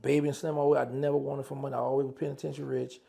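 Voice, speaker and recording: A man with a gravelly, rough-edged voice recounts his years inside in a loose, conversational way. He acts out old phone calls as back-and-forth dialogue, switching voices as he tells them. His pitch sits in an ordinary middle range. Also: little pitch movement, racing, dark tone. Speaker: former prisoner telling his story. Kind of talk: casual storytelling.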